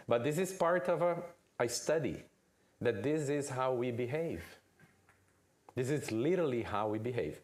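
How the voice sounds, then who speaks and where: Animated man telling a story in a lecture. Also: medium pitch. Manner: animated storyteller, checks in with "okay?". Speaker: speaker at a spiritist center.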